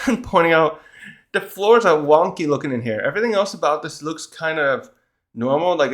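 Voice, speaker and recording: A man's voice: a little high, a bit bright. A man talking through a comic chapter on his own in a rambling, casual way, often cutting himself off and acting out the characters' lines. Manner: rambling, self-interrupting, acts out characters' lines. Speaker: manga review host. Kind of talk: casual solo chapter review.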